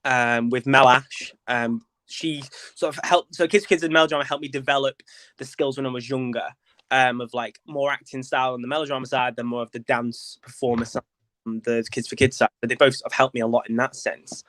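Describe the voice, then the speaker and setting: Young man, from Lancashire, podcast guest, playful, camp asides, bright tone. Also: mid-range voice, steady tone, a little fast, no room sound. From Lancashire, England. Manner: chatty, playful, camp asides, many fillers. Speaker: guest, actor and theatre director. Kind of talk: casual podcast chat.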